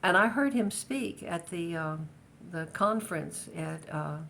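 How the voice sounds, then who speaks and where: A woman's voice: lowish voice, animated, unhurried, vocal fry, fairly bright tone, slight background noise. An older woman telling her life story in a casual family interview, hesitant, with many restarts and fillers.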